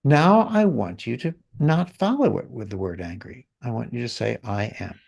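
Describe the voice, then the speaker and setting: A man guiding someone through a feeling exercise in a calm, gently directive coaching way. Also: medium pitch, moderate pace, gravelly, slightly rough. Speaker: guest healer leading an exercise. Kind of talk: guided exercise in conversation.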